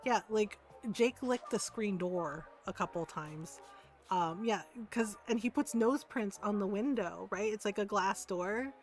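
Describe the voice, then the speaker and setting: A woman streamer telling a funny story in casual chat, animated, laughing often and tagging lines with "right?". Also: mid-range voice, unhurried, faint music behind. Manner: animated, laughs often, many fillers and tag questions.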